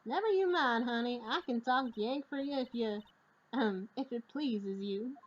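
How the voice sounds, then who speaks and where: A woman's voice: a little high, unhurried, slight background noise, natural voice. A woman reading a game aloud, voicing a brash Southern woman photographer with a put-on drawl. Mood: friendly. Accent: American Southern, put on. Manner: drawling, feisty. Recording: dull lo-fi audio, faint game music.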